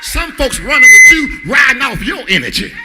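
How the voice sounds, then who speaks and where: A man pastor preaching a sermon in a sing-song cadence, calling on the congregation to answer back and building to shouts. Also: very high voice, very animated, moderate pace, a loud crowd.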